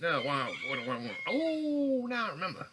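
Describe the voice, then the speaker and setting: A man's voice: high voice, wildly swooping pitch, moderate pace, crowd noise, poor audio. A man talking alone into a recorder in a meandering, stammering monologue full of restarts. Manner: meandering, stammering, frequent restarts and self-corrections. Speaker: vlogger. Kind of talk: rambling monologue. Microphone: handheld recorder.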